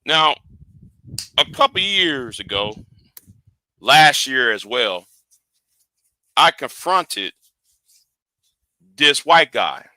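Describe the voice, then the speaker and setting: A man's voice: medium pitch, very animated, extremely slow, long pauses, sharp tone, no echo. A man hosting a livestream rant, lecturing his viewers and often repeating and restarting his phrases. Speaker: livestream host.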